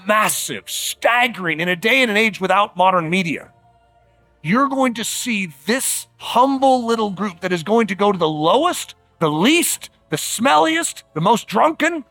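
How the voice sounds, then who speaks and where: Man, preacher, sermon, high voice, very animated pitch, emphatic, casual fillers. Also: no echo, soft background music. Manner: animated, emphatic, with dramatic slowdowns and quiet drops; conversational fillers like "like" and "uh".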